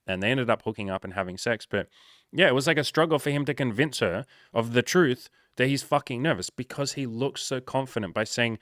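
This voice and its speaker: A man's voice: medium pitch, a little fast, fairly bright tone, no echo, studio quality. A man working as a dating coach, giving casual, frank advice with energy and plenty of swearing.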